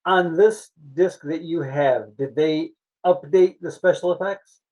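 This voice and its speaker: A man co-hosting a casual movie review podcast, wry and halting as he talks. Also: fairly high pitch, darkish tone, lo-fi sound. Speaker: podcast co-host.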